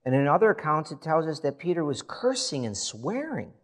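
A man's voice: a little high, very animated, brisk. A man preaching a sermon as pastor, reading scripture aloud and building emphasis as he goes.

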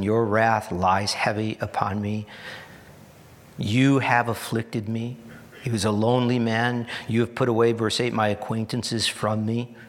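A man preaching a sermon in an earnest, repetitive style, building to emphatic peaks and dropping to soft asides. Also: on the low side, big-room sound. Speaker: pastor.

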